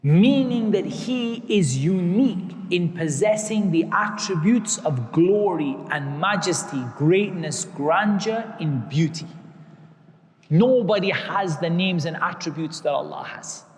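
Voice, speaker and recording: A man's voice: high voice, lively intonation, takes it slowly, darkish tone, in a large hall. A man giving an explanatory religious lesson, patiently repeating key terms and working Arabic terms into his English. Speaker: religious teacher.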